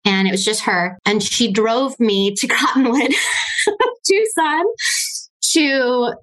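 A woman's voice: a little high, animated, slow pace, fairly bright tone, a little hiss or hum, low-quality recording. Candid chatty woman telling her story. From Arizona, US. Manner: chatty, frequent "like" fillers, laughs between phrases. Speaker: podcast guest.

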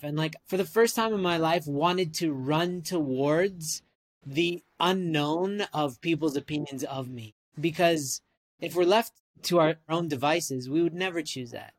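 A Canadian man in his forties, chatting casually and telling animated stories as host, with lots of "like" and "right?". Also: fairly high pitch, measured pace. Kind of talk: casual chat.

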